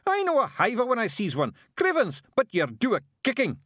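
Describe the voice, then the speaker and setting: A man voicing a tiny, pugnacious Feegle warrior who shouts in a broad Scots accent. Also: high voice, lively intonation, moderate pace, dry recording, clean studio sound, pitched above the performer's own voice. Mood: raging. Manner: shouting, belligerent.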